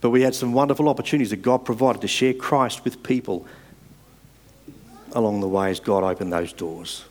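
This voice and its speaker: A man preaching a sermon in an earnest, measured way, rising for emphasis and dropping soft at the ends of phrases. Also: mid-range voice.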